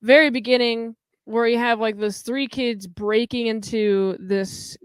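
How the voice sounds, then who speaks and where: A woman co-hosting a podcast, chatting casually about a movie and acting out scenes in quick quoted voices. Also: fairly high pitch, fairly even intonation, clear, resonant tone, dry recording, studio quality. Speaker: podcast co-host.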